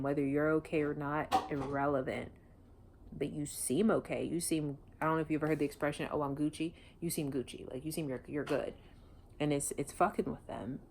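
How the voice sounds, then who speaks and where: Low-voiced woman reading tarot. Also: a little mellow, a little hiss or hum. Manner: blunt, emotional, swears freely. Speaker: tarot reader. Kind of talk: casual tarot reading to camera.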